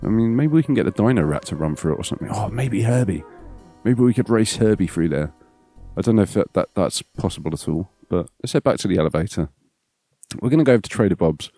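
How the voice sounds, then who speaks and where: A man's voice: on the low side, lively intonation, fast talker, warm tone, faint music behind. A man hosting a let's play, chatting playfully and thinking aloud as he goes. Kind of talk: casual gameplay commentary.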